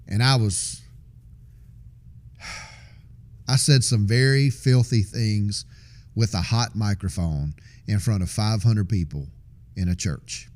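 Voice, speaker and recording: A man's voice: on the low side, takes it slowly, pauses often, darkish tone. A man sharing his personal faith testimony in an earnest, conversational way, often repeating and restarting phrases with small laughs. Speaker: testimony speaker.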